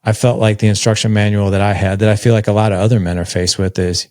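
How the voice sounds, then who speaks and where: A man's voice: lowish voice, level tone, fast talker, few pauses, warm tone, dry recording, studio quality. A man in his forties telling a personal story as a podcast guest, candid and conversational, with lots of filler words. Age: 40s.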